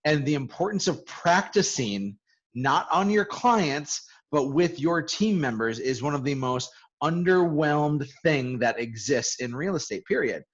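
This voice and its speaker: A man co-hosting a real estate coaching webinar in casual chat, quick and prone to repeating words as he starts a sentence. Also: on the high side, animated, slightly rough. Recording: dull lo-fi audio.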